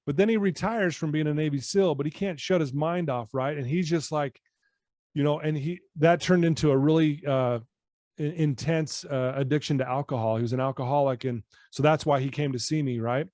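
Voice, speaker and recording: Lively storytelling man, dry close sound. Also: fairly high pitch, fairly quick, dry recording. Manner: animated storyteller who acts out quoted dialogue. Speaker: personal-development coach, podcast guest. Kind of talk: conversational storytelling on a podcast. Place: his office at home.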